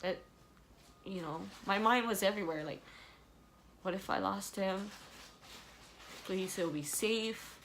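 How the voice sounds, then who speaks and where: A woman's voice: medium pitch, slow pace, long pauses, a bit bright, slight background noise. A young adult woman telling a personal story in a vlog, candid and emotional, sometimes tearful and apologizing. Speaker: vlogger.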